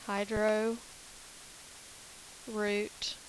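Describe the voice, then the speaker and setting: A woman's voice: medium pitch, completely flat delivery, very slow, slight background noise, rough recording. A woman teacher talking through chemistry notes in a casual way, repeating key terms with many fillers. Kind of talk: recorded lecture over notes.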